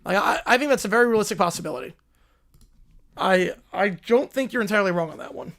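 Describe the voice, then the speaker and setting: A man hosting a live stream about sports, chatting casually with his viewers. He tosses off quick opinions and keeps thanking people in chat. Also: high voice, expressive, a bit bright.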